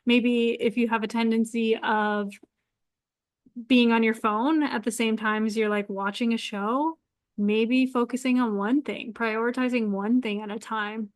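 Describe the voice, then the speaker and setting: A young woman with a slightly high voice talks easily to her viewers about astrology. She is relaxed and chatty, laughs often and leans on "like" as she goes. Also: measured pace. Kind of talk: casual solo advice talk to camera.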